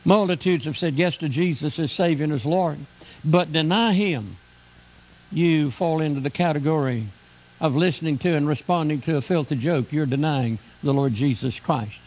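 Male preacher, somewhat high voice, emphatic pulpit delivery, faint hiss behind. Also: darkish tone, poor audio. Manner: emphatic, slows down to stress scripture. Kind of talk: sermon.

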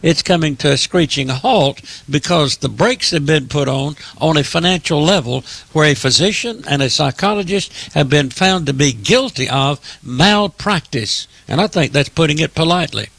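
Gravelly emphatic preacher-commentator man. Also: fairly high pitch, expressive, normal speed, few pauses, a bit bright, dry recording. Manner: emphatic, repetitive, preacherly address.

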